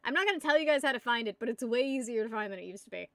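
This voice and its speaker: A woman's voice: a little high, expressive, rapid-fire, no echo. A young woman from the United States chatting casually on a live stream, giggling and rambling as she answers her chat. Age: young adult. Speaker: livestreamer.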